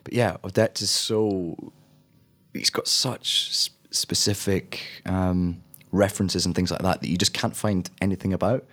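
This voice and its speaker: A man's voice: low voice, fairly even intonation, measured pace, fairly bright tone. A young adult man, a drama student, giving thoughtful, rambling interview answers with frequent restarts.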